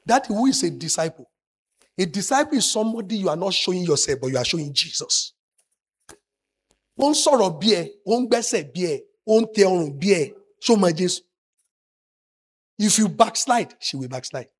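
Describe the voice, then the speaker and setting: A male pastor delivers a sermon in a high-pitched voice. His tone is husky and a little rough. He drops to soft, close asides, then builds to loud, forceful emphasis. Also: lively intonation, normal speed, long pauses.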